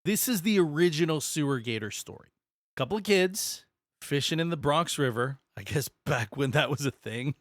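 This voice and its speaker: Southern-raised dude cohosting a podcast, rambly, curses a lot, dry close mic. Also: male voice, a little high, expressive, normal speed, a bit bright, no room sound. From American South. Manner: rambling, swears, self-correcting. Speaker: podcast co-host. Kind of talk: casual chat.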